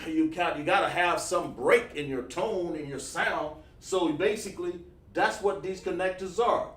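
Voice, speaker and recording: A man teaching an online lesson, coaxing students with repeated questions. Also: a little high. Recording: echoey room, far from mic.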